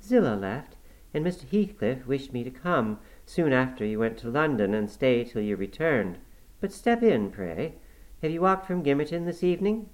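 A man voicing a brisk, motherly middle-aged housekeeper who fusses over her guest. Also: medium pitch, sing-song, darkish tone, voice pushed up, natural voice, poor audio. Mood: bustling. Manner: brisk, fussing, hospitable. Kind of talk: audiobook character voice.

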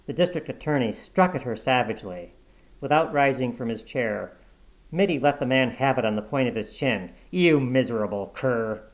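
A man narrates a short story in a steady, measured reading voice. His pitch sits in an ordinary middle range. The pacing stays even throughout. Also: rough recording.

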